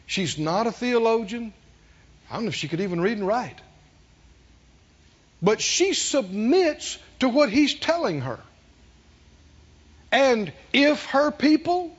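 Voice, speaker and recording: A man preaching a sermon, calling on the congregation to answer, dropping to near whispers and rising to loud peaks. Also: high-pitched, breathy edge, dull audio. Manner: call-and-response preaching, swinging from hushed to loud. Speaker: pastor.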